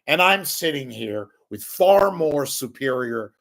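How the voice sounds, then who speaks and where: A man's voice: mid-range voice, sing-song, slow pace, gravelly, few pauses, a bit bright. An older man giving a sarcastic, scornful solo rant as a media commentator, swearing freely.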